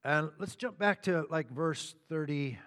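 A man with a high-pitched voice preaches a sermon, teaching through scripture verse by verse. He breaks off into casual asides to the congregation, and his voice rings with the long reverb of a large hall. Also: expressive, unhurried, a bit bright. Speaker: pastor.

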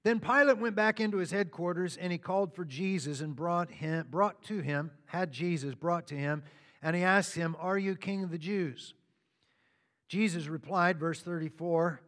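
A man's voice: high voice, moderate pace, a bit bright, big-room sound. A man preaching a sermon, walking through scripture verse by verse with conversational asides to the congregation. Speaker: pastor.

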